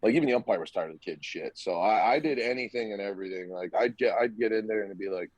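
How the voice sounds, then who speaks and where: A man's voice: fairly low pitch, fast, few pauses, no room sound, muffled recording. A young man, a former college hockey player, chatting on a podcast and acting out the people in his stories. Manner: animated storyteller, acts out quotes. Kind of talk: casual podcast chat.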